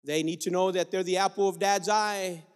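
A man's voice: high voice, fairly even intonation, normal speed, clear, resonant tone, faint music behind. A male guest preacher delivering an exhorting sermon, calling out to the congregation in a church sanctuary. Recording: long reverb of a large room.

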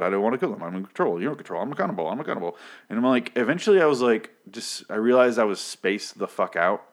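Male podcast host, deep voice, loose profane rambler, casual recap delivery.

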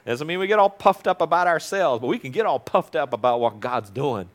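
A fairly high-pitched pastor preaches animatedly at a fairly quick pace. He swings from loud, fervent prayer to quiet, intimate asides and gets his congregation to repeat phrases after him.

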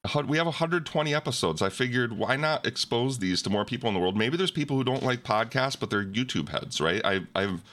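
A man's voice: mid-range voice, lively intonation, a little fast, few pauses, a bit bright. A man hosting a podcast in casual chat, rambling and joking as he tells stories. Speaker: podcast host.

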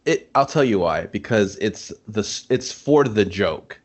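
A man's voice: on the low side, measured pace. Guy ranting about a movie, cusses a lot, does little voices. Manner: animated, swearing, acts out scenes. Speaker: podcast co-host. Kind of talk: casual chat.

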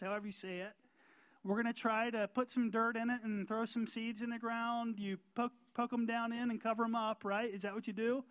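A man's voice: sits high, a bit bright. Emphatic male pastor preaching. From North Carolina. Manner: emphatic, asks the congregation rhetorical questions, slows down to stress words. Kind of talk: sermon.

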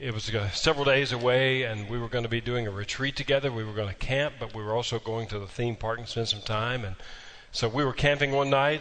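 A man's voice: mid-range voice, fairly bright tone, in a large hall. A man preaching a sermon as pastor, telling a humorous story before moving into emphatic preaching.

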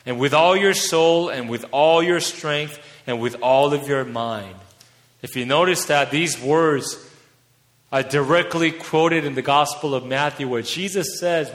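A man's voice: fairly high pitch, a bit bright. A man preaching a fervent sermon, his voice rising to emphatic peaks as he urges his listeners on. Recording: long hall reverb.

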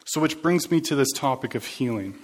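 A man's voice: medium pitch, lively intonation, a little fast. A man preaching a casual, conversational sermon, joking and talking back and forth with his congregation. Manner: chatty, jokey, interacts with the congregation.

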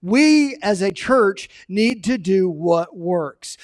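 A man preaching a sermon, animated, acting out the story's characters as he retells them. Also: sits high, takes it slowly, hardly any pauses. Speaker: pastor.

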